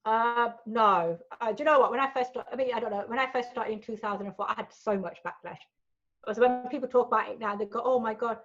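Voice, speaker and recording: Speaking fast at a fairly high pitch, this woman in her forties has family from Gujarat, India. In a laid-back interview she's a blunt, animated storyteller who acts out quotes, heard through a dull lo-fi recording.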